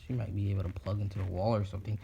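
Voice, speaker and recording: A thirteen-year-old boy voicing a calm teenage boy hero who speaks in a plain, matter-of-fact way. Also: fairly low pitch, racing, creaky, highs cut off, slight background noise.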